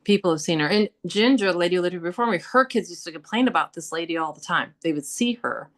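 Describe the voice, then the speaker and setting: A woman with a somewhat low voice guests on a podcast, recounting eerie happenings in an animated, conversational way. She fills her telling with casual fillers and acts out the lines people said. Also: quick pace, crowd noise. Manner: animated, with laughs, many "like"s and acted-out quotes. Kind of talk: casual storytelling about hauntings.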